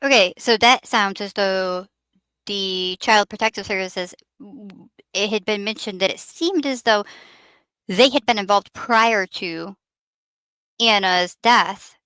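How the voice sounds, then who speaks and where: A woman's voice: mid-range voice, slow, bright, forceful tone, clean tone, dry recording. A woman hosting a show, commenting on court footage and summarizing it as she thinks aloud. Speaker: show host.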